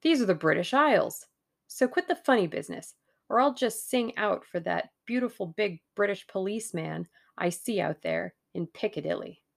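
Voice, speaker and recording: A woman reading aloud and voicing a pugnacious American man in his thirties who speaks bluntly and brashly, with a gravelly edge. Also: mid-range voice, lively intonation, moderate pace. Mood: suspicious.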